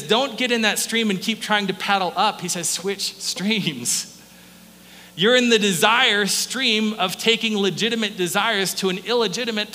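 A man preaching a sermon as pastor, in a conversational style full of rhetorical questions and quick asides. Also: sits high, bright, forceful tone. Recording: long hall reverb with faint hum.

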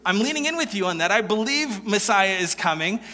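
Man doing a startled woman at the well, quick and incredulous, bright edge, long hall reverb. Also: sits high, lively intonation. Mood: eager. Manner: quick, incredulous, talking in first person. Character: flustered Samaritan woman at a well, surprised.

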